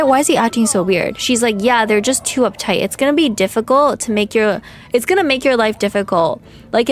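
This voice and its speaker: A young woman streamer telling a dating story in casual chat, gossipy and exasperated, peppered with "like". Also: fairly high pitch. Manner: chatty, gossipy, lots of "like", laughs and exasperated outbursts. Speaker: vtuber streamer.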